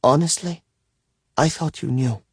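A man voicing a calm, curt young woman in an audiobook, speaking matter-of-factly. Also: fairly high pitch, unhurried, husky, no room sound, clean studio sound, voice pushed up. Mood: dry, blunt. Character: cool-headed young woman, dry and blunt. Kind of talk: audiobook character voice.

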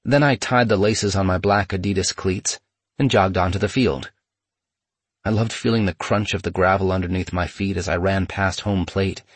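Male memoir narrator, measured and steady, dry close read. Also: low voice, no room sound.

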